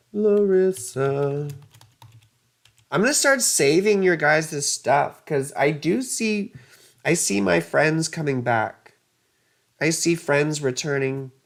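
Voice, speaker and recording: A woman giving a casual astrology reading, chatty and rambling, drifting into side stories. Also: deep voice. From United States. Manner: rambling, digressive, chatty, self-mocking.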